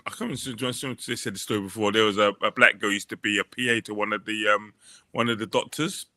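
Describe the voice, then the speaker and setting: A man's voice: lowish voice, fairly even intonation, fast talker, pushed and bright, dry recording, clean studio sound. A man, telling a rambling story in casual podcast chat and breaking into voices for the people in it. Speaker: podcast co-host.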